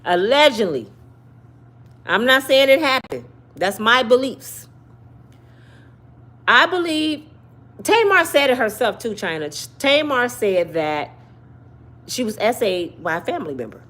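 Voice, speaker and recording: Woman, casual commentary host, lively pitch swings, talks to viewers, repeats herself. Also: unhurried, long pauses. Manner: animated, talks to viewers directly, repeats and hedges with "allegedly".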